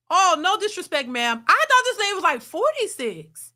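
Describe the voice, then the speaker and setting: A woman's voice: high-pitched, very animated, moderate pace, sharp tone. A woman hosting a live reaction stream, laughing often and reading viewer super chats aloud. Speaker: reaction channel host.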